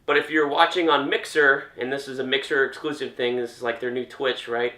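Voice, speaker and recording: This young man's mid-range voice is bright and forceful yet flat in delivery, and a little fast. He offers casual, jokey reaction commentary on gaming news as a gaming commentator, often trailing off and restarting, with a roomy echo.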